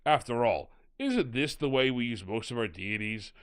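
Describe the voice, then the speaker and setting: A man's voice: mid-range voice, lively intonation, moderate pace, clear, resonant tone, natural voice. A man doing a comic impression of a pompous older author, reading aloud in a mock-grand voice. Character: pompous older English author, male, dry.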